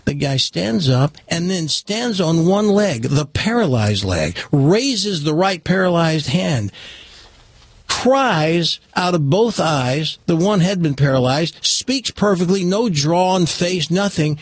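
A man hosting a radio show, telling a long joke in an animated storytelling way. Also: on the high side, takes it slowly, husky, dry recording. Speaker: radio host.

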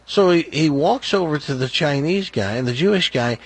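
A man's voice: a little high, animated, moderate pace, slightly rough. A man hosting talk radio, blunt and opinionated as he tells a story and a joke at a studio microphone. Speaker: radio talk show host. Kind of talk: casual talk radio monologue.

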